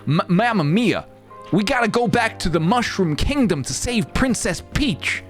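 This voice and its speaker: A man's voice: high-pitched, lively intonation, normal speed, faint music behind, pitched above the performer's own voice. A man voicing an eager, heroic cartoon plumber in a lightly raised, exclaiming voice.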